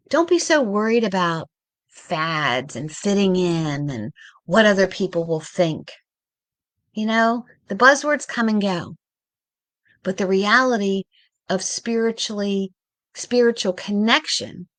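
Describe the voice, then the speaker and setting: Slow, measured woman talking spirituality. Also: medium pitch, fairly bright tone, dry recording. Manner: slow, measured phrasing broken into short pauses. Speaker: spiritual talk host. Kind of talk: reflective spiritual vlog talk.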